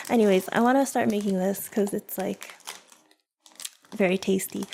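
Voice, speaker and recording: A woman's voice: mid-range voice, moderate pace, vocal fry, pauses often, darkish tone. A young woman streaming, chatting casually and giggling as she talks to her viewers and her dogs. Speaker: vtuber streamer. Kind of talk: casual livestream chat.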